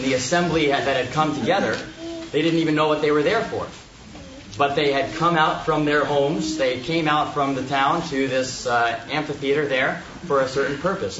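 A man giving unscripted Bible teaching at a meeting, in a measured, thoughtful way with frequent pauses and restarts. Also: mid-range voice, a bit bright. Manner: measured, thoughtful, with many hesitations. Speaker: Bible study speaker. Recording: echoey, distant, muffled, noisy room recording.

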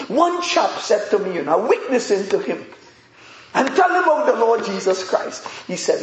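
A man preaching a sermon with passion, rising at times to shouting. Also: high voice, very animated, moderate pace. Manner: impassioned, rises to shouting. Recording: echoey room.

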